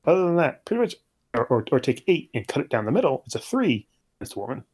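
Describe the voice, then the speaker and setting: Man, mid-pitched voice, casual chat, animated, lively. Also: fast, slightly rough.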